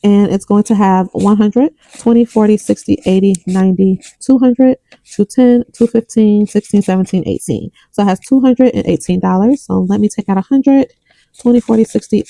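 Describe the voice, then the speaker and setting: Gravelly-voiced woman counting cash. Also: medium pitch, moderate pace, dark tone, no room sound, rough recording. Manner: counts bills aloud, tells a story between counts. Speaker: budgeting vlogger. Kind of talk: casual chat while counting cash.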